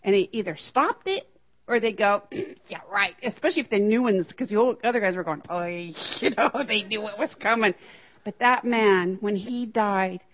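A woman stands before her church and shares a personal testimony, moving freely through her story and putting on the voices of the people she quotes. Her voice sits at an ordinary pitch for a woman. The recording is dull and lo-fi. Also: normal speed. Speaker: church member sharing a testimony.

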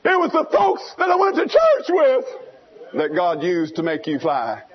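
A preacher in a church with a strikingly high, husky voice, telling his sermon with fire and shifting between hushed asides and shouts. The recording is dull and lo-fi. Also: huge pitch swings, a little slow. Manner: fiery storytelling, swinging between hushed and shouting.

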